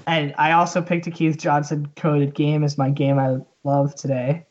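A man guesting on a casual pinball podcast, making relaxed, wry comments. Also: fairly high pitch, normal speed. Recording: dull lo-fi remote line.

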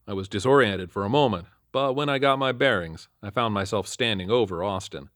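Earnest low-voiced male storyteller. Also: brisk, a bit bright, no room sound, studio quality. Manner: earnest, matter-of-fact. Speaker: narrator. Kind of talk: first-person horror story narration.

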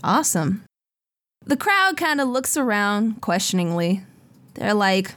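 A woman game master narrating a tabletop game in an unhurried, descriptive way with many fillers. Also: medium pitch, sing-song, fairly bright tone, no room sound.

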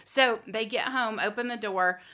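A woman's voice: fairly high pitch, normal speed, bright, forceful tone, slight background noise. A woman co-hosting a casual podcast, telling stories animatedly, laughing often and acting out the people she quotes. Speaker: podcast co-host.

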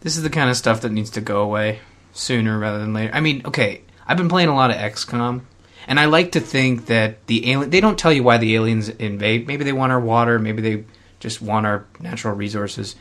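Young guy podcasting, mid-pitched voice, blunt and opinionated, lots of quick tangents. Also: fairly bright tone. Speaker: podcast co-host. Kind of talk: casual chat.

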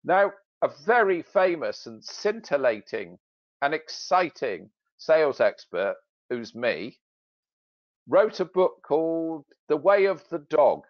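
A man's voice: fairly high pitch, very animated, unhurried, dry recording, highs cut off. A British man, a sales expert and author, telling a story in casual podcast talk with jokey, self-mocking humor.

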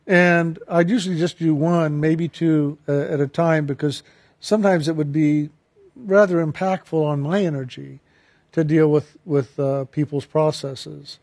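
A man with a fairly high voice shares a personal story in an earnest, reflective way. He slows down to stress the key phrases as he draws a spiritual lesson from it. He talks in an unhurried storytelling manner. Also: steady tone, a little mellow.

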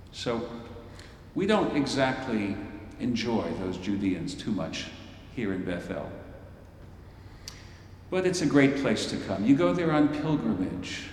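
A man preaching slowly and deliberately, retelling an old story with theatrical flair and wry humor. He is picked up from a distance in a large hall with a long, roomy echo and a faint low rumble. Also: big pitch swings, darkish tone. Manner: playful, theatrical, wry asides. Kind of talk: storytelling sermon. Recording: echoey hall from far off.

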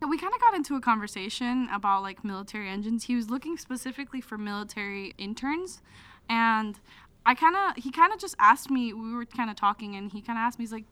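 A woman's voice: on the high side, smooth, dry recording. A young woman, a college student, chatting casually on a podcast and animatedly acting out the people in her story. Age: young adult. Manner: animated storyteller, acts out quoted dialogue. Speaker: student guest.

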